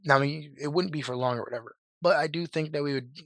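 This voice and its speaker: A hoarse young man giving casual fan commentary, rambling with lots of fillers, restarts and slang. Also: fairly high pitch, quick pace, fairly bright tone, no echo.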